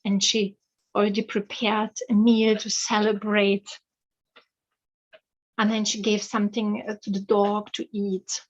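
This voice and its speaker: A woman telling a fairy tale aloud, slowly and hesitantly, with many fillers. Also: medium pitch, completely flat delivery, dull audio. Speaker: author and storyteller.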